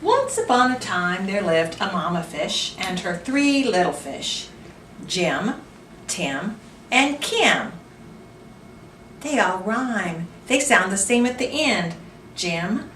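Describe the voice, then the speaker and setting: A woman's voice: mid-range voice, slow, pauses often, reverberant, far from the mic, slight background noise. A woman librarian reading a picture book aloud for children, stopping to ask listeners questions. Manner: animated, asks listeners questions. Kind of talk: children's storytime read-aloud.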